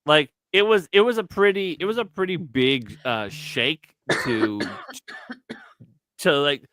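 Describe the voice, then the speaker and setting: A man's voice: a little high, slow, a bit bright, no room sound. A man, hosting a podcast and telling long, rambling, profane stories in casual chat. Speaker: podcast co-host.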